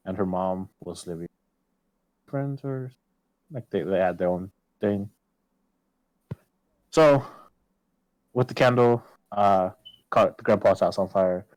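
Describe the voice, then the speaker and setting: A man with a lowish voice tells a long personal story in relaxed podcast chat. He swears freely and jumps up in pitch when he quotes himself. The recording is close and dry, with no room sound. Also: takes it slowly, pauses often, no echo, low-quality recording.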